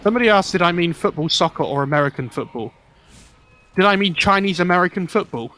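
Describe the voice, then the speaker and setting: A man casting esports, chatting in a cheeky, joking way during a pause on a headset. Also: high-pitched, animated, bright, forceful tone. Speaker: esports caster. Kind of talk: casual chat during a game pause.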